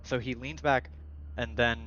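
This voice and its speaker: Male game master, loose rambling narration, mid pitch, dull lo-fi sound. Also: steady tone, a little slow, a bit bright, slight background noise. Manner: rambling, filler-heavy, restarts.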